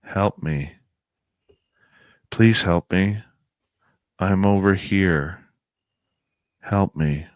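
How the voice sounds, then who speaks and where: A man imitating an inhuman voice in the woods that mimics a woman calling for help, in a flat monotone with no emotion. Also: sits low, very slow, pauses often, no room sound.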